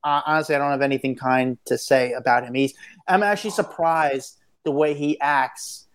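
A man's voice: mid-range voice, moderate pace. A man co-hosting a podcast, speaking bluntly in casual talk and repeating himself for emphasis. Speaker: podcast co-host. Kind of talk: casual chat.

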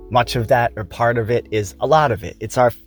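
A man's voice: mid-range voice, a little fast, soft background music. An American man hosting a podcast, delivering a heated, profane political rant with emphatic stresses. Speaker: podcast host.

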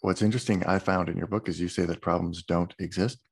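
A man's voice: sits low, fairly even intonation, fast talker, gravelly, a little mellow, breathy edge. A man interviewing a guest, asking questions and pushing back with wry, joking examples. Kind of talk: conversational interview.

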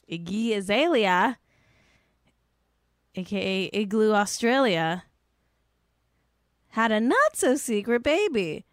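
A woman's voice: medium pitch, no echo, studio quality. A young adult woman casually hosting a celebrity news stream, chatty and sarcastic, with asides and laughs. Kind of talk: casual chat reading news.

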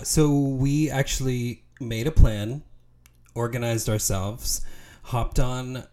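Chatty, low-voiced male podcast host. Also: a little mellow. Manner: chatty, laughs often. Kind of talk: casual chat.

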